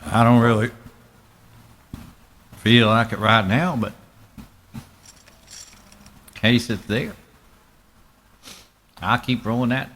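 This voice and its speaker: Bright-voiced man in put-on Southern drawl. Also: mid-range voice, steady tone, takes it slowly, pauses often. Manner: laid-back, profane, joking drawl. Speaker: streamer commentating his own poker game. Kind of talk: casual live game commentary.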